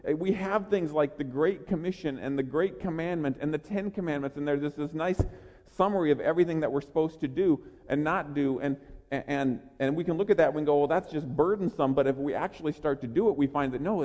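High-voiced preacher echoing through a hall. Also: male voice, brisk. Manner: energetic, earnest preaching with repeated words. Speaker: pastor. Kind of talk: sermon. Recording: long reverb of a large hall.

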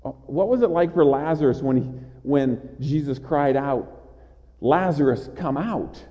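A man preaching a sermon with an earnest delivery, stumbling into quick restarts and asking his listeners questions. His voice is dark and mellow, and he sits a little above the usual male pitch. The sound is dull and lo-fi, with long reverb from a church sanctuary. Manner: earnest, with small stammered restarts and rhetorical questions. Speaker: pastor.

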